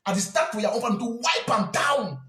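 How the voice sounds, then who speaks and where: Man, Cameroonian Pidgin accent, impassioned confession, rapid delivery, echoey room. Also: extremely high pitch, animated, bright, forceful tone, faint music behind. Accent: Cameroonian Pidgin English. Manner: intense and emphatic, repeats lines for force. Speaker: speaker in a live video.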